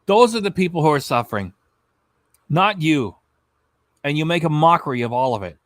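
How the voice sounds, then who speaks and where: A man's voice: on the high side, expressive, moderate pace, long pauses, no room sound. A man giving mocking, profane reaction commentary on a video he is watching. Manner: scornful, profane.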